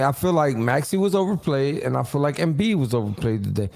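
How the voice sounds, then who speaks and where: A man hosting a casual sports podcast, animated and ranting, cutting in to finish his point. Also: mid-range voice, fairly quick, gravelly. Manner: animated, ranting, talks over others. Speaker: podcast host.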